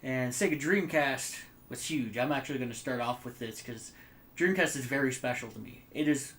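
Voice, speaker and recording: With a mid-range voice and a little hiss or hum on the recording, this twenty-something co-host keeps the podcast chat casual. His stories wander, lively and loaded with fillers and curse words.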